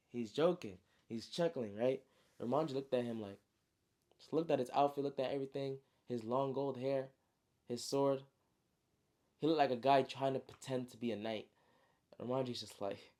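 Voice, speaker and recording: A man retelling his own novel like a friend telling a story, slangy and relaxed with constant fillers. His voice is gravelly, dark and mid-pitched. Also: moderate pace. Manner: slangy, relaxed, many "you know" fillers. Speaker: storyteller and author.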